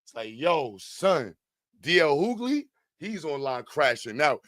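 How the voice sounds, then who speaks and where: Animated man on a comedic rant. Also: a little high, unhurried, no room sound. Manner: animated, bursts into loud outbursts.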